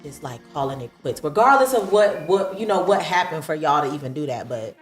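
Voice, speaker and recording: A woman's voice: deep voice, expressive, a little fast, faint music behind. A woman hosting a podcast, chatting expressively, swearing casually and laughing while she talks. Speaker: podcast host. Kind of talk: casual chat. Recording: echoey room.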